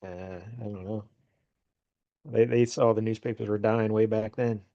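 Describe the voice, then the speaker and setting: A man co-hosting a casual comic book podcast, rambling through the story with laughs and quick character voices. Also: lowish voice, fairly even intonation, creaky, highs cut off. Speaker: podcast co-host.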